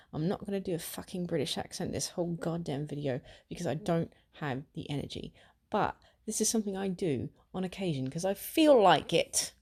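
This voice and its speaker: A woman's voice: fairly low pitch, fairly quick, darkish tone, husky. An American woman doing casual commentary, blunt, mocking and full of swearing. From United States. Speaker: commentary vlogger.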